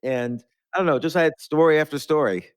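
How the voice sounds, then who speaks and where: A man's voice: fairly high pitch, fairly quick, clear, resonant tone, no echo, clean studio sound. A middle-aged man hosting a podcast, telling long rambling anecdotes with restarts and laughs. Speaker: podcast host. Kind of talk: storytelling in conversation.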